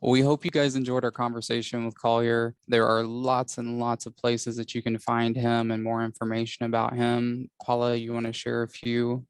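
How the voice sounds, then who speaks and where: A man co-hosting a podcast and wrapping up the episode. His voice is smooth and level with little rise or fall, and it sits in a dry recording. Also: mid-range voice, monotone, moderate pace, hardly any pauses, no echo. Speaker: podcast co-host. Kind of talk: show outro.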